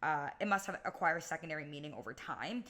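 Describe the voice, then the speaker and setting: A woman's voice: low-pitched, animated, fast, bright, forceful tone. A young woman co-hosting a casual podcast as a law student, chatty and upbeat, with a lot of "like" in her speech. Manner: chatty, upbeat, heavy use of "like".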